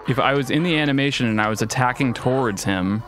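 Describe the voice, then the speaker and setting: A young man giving casual, profane, excitable commentary while streaming a game. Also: medium pitch, quick pace, faint music behind.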